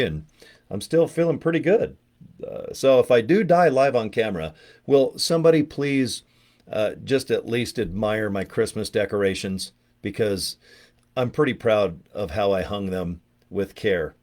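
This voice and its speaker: His lowish voice has a slightly mellow quality. Broadcasting a casual livestream from his home studio, the network marketing vlogger from Utah jokes around, rambles, and makes fun of himself.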